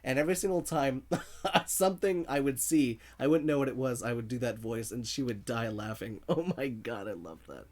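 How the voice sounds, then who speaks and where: A gaming streamer with a mid-range, slightly dark voice chats at a moderate pace while playing. He reads viewer messages aloud and laughs often in this casual livestream commentary.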